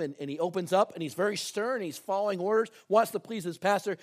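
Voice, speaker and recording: A man preaching a sermon as pastor, telling a story with lively ups and downs and soft, earnest appeals. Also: high-pitched, fairly quick.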